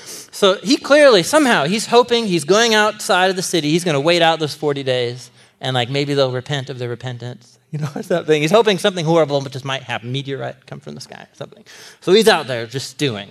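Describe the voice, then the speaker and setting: Animated, laughing male preacher. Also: on the high side, a little fast. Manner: animated, humorous, laughs often, addresses audience. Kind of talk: sermon.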